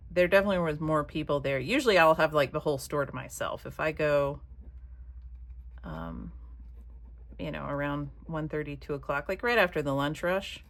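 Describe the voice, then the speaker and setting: A woman's voice: low voice, vocal fry, fairly bright tone. Chatty woman crafting and muttering asides. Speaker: craft vlogger. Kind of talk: casual chat while crafting.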